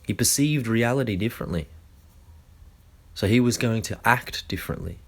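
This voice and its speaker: A man delivers a monologue in a deep, low voice. He stretches his phrases out deliberately and often restarts his sentences as he explains. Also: slightly rough. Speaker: speaker. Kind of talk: lecture-style monologue.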